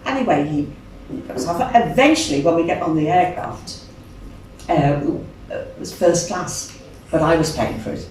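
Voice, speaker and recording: A woman's voice: sits low, unhurried, slight background noise. Older woman, birmingham accent, chatty singer, very echoey room, distant mic. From England. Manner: chatty, animated, laughs often, acts out other voices. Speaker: interview guest, singer. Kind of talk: casual storytelling interview. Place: venue room.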